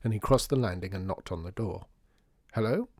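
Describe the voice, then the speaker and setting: A man narrating a children's storybook in a measured, hushed manner. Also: sits low, no room sound, studio quality.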